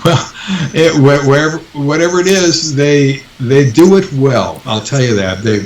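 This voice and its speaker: A man's voice: medium pitch, normal speed, poor audio. A man answering interview questions in casual talk, hesitant, with many ums and restarts. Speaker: guest author.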